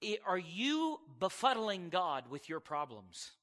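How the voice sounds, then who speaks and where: A man preaching a sermon as pastor, animated and acting out little voices to make his points. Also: high voice, takes it slowly, long reverb tail. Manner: animated preaching, acts out voices of God and people.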